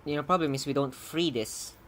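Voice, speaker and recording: Debugging on their own stream, a programmer keeps up a loose running commentary full of rambling, chuckles and muttering, with keyboard sounds behind. The voice is mid-range and fairly quick, with a little hiss or hum on the audio.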